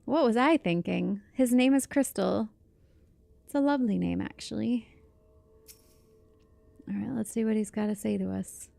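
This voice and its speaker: A woman's voice: medium pitch, normal speed, creaky, pauses often, dark tone, dry recording, faint music behind. A young woman streamer chatting casually and giggling as she plays a game and reacts to chat. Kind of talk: casual livestream chat while gaming.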